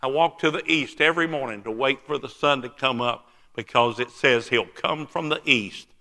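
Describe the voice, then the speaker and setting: A man's voice: mid-range voice, moderate pace, sharp tone. A man preaching a sermon, telling a story in an emphatic, folksy way. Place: church sanctuary. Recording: long church hall reverb.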